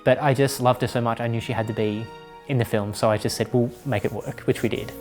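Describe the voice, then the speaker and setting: Reflective film director. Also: male voice, mid-range voice, fairly even intonation, quick pace, a little mellow, soft background music. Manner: reflective, candid recollection. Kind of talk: documentary interview.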